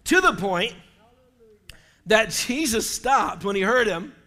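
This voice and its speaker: A man preaching an impassioned sermon as pastor, rising often to shouts. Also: high-pitched, expressive, slow.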